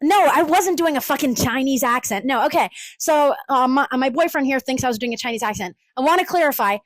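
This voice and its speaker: A woman's voice: sits high, lively intonation, a little fast, no room sound, low-quality recording. A woman hosting a solo podcast, ranting in a profane, exasperated and sarcastic way. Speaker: podcast host.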